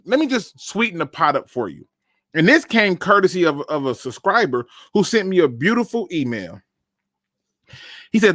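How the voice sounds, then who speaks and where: Animated man hosting a fan sports show. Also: on the high side, normal speed, no echo, clean studio sound. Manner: animated, emphatic, talks straight to viewers. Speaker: sports podcast host. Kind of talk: casual fan commentary with screen share.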